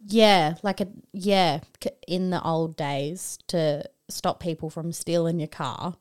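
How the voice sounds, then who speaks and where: A woman's voice: fairly low pitch, steady tone, slow. A woman co-hosting a film podcast, teasing her co-host and giving short replies. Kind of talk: casual film review chat.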